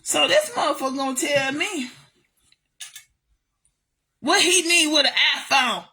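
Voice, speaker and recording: A woman's voice: high voice, animated, measured pace, sharp tone. A woman vlogger telling a family story in a profane, ranting way, repeating herself and calling out to her viewers. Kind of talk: angry storytime rant.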